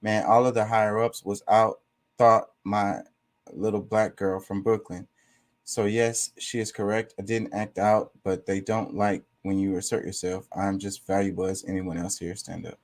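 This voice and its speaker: A man's voice: fairly low pitch, level tone, normal speed. A man reading viewer comments aloud and reacting to them in blunt, profane casual chat aimed straight at his audience. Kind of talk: casual live-stream commentary.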